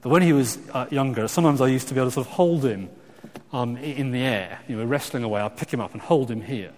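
Emphatic preacher in a reverberant hall. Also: male voice, medium pitch, fast. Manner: animated and emphatic, swinging between loud exclamations and quiet asides; frequent restarts and stumbles. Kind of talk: sermon.

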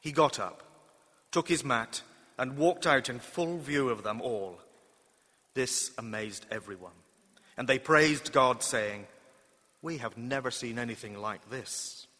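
A man reads a scripture passage in a steady, even manner. His tone is bright and forward. Long church reverb hangs behind his words. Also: medium pitch, slow. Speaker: scripture reader. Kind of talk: Bible reading.

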